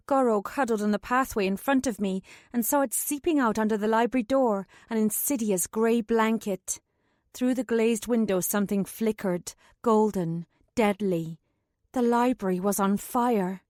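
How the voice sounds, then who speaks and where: A woman's voice: on the high side, a little mellow, dry recording. A woman narrating a first-person fantasy audiobook in a tense, urgent way, close to a studio mic.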